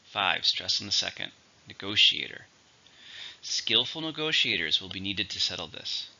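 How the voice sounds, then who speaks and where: A man teaching English vocabulary in a slow, clear scripted lesson, repeating each word for learners. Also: sits low, sing-song, bright, forceful tone, lo-fi sound.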